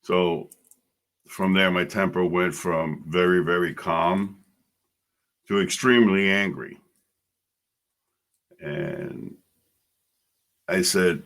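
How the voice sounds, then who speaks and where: A man's voice: low voice, fairly even intonation, slow pace, long pauses, fairly bright tone. A middle-aged man hosting a podcast, telling his own story bluntly and emotionally, swearing freely. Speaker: podcast host. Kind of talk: personal storytelling monologue.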